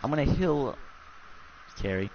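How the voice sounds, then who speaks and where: A young male gamer plays with a friend, swearing and ranting in exasperated, profane banter. His mid-range voice is animated and a little slow, on a dull lo-fi recording with faint noise.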